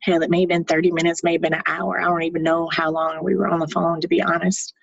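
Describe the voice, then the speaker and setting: A woman's voice: fairly low pitch, flat delivery, quick pace, vocal fry, slightly rough, muffled recording. A middle-aged woman giving candid, plain-spoken personal testimony. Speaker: storyteller.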